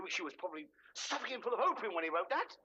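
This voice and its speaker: A man playing a loud, boastful, bigoted middle-aged British husband in a 1970s studio sitcom. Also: high voice, very animated, racing, heavy background noise. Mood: blustering. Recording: dull TV sound with studio audience laughter.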